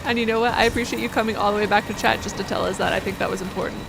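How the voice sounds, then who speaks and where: A woman's voice: medium pitch, fairly even intonation, racing, gravelly. A young woman streamer giving casual, exasperated commentary while playing a game, chatting with her audience. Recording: noticeable background noise.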